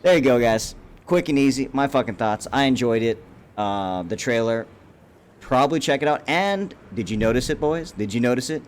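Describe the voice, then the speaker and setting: A man's voice: mid-range voice, expressive, moderate pace, a little hiss or hum. A man giving a casual, profane, rambling reaction to a movie trailer, full of fillers and restarts. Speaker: YouTube commentator.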